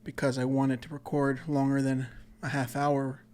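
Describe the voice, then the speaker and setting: A man's voice: medium pitch, monotone, normal speed, a little mellow. Rambling, profane comedy-podcast man. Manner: rambling, profane, self-interrupting. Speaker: podcast host. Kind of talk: casual solo comedy podcast.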